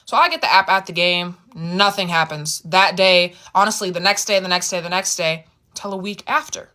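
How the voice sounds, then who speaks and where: A woman telling a casual storytime, animated and quick to repeat herself as she retells what people said. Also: lowish voice.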